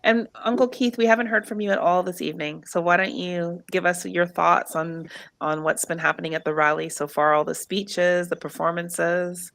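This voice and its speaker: A woman's voice: fairly low pitch, fairly even intonation, gravelly, a bit bright, no room sound. Chatty woman livestream host, dry sound. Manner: chatty, reads numbers out slowly. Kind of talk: casual chat.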